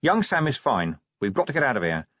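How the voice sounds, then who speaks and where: A rough-voiced city watchman, shaken and wired, talks a little higher than his usual speech with lively swings, as a male narrator voices him. The voice is husky and the recording is dry and slightly dull. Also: no room sound. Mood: urgent. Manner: giddy, fast, half-joking under shock. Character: shaken, giddy middle-aged male watch commander.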